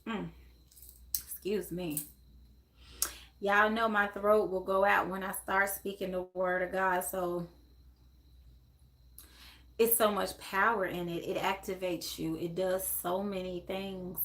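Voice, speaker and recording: A woman's voice: medium pitch, fairly bright tone. A woman from Memphis hosts a live-stream spiritual reading, reading scripture and viewer comments aloud and repeating words for emphasis. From Memphis, USA.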